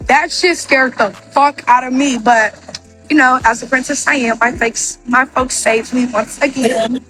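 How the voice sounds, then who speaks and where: A young woman speaks in a bright, high register, spilling out a personal story in loose storytime fashion. Her sentences are padded with "like" and restart often. Faint music sits underneath. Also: fairly even intonation. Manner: rapid, filler-heavy with constant "like". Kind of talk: casual storytime.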